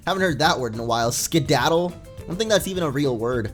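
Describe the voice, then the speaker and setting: A man's voice: on the high side, animated, quick pace. A young man giving casual, rambling commentary while playing a video game. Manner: chatty, rambling, reads game text aloud. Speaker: let's play gamer. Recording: faint game music behind.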